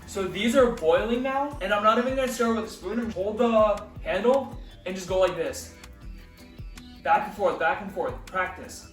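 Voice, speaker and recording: Chatty high-voiced man in an echoey kitchen. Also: a bit bright, recorded from a distance, a little hiss or hum. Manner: chatty, playful, jokey asides to viewers. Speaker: cooking vlogger. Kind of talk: casual cooking vlog. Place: home kitchen.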